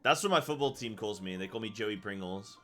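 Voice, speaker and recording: A man's voice: lowish voice, lively intonation, a little fast, bright, forceful tone. A man streaming a game, chatting casually in a joking, self-deprecating way.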